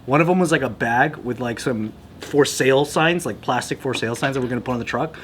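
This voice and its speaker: A man hosting a comedy podcast, telling a relaxed story in casual chat and reflecting on arguments. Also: medium pitch, fast talker, slight background noise. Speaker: podcast host.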